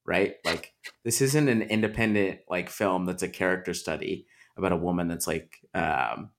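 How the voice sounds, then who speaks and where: In a casual movie discussion, a podcast host speaks at normal speed in a low, creaky voice, with a little hiss or hum audible. He talks at length, with plenty of "likes" and restarts.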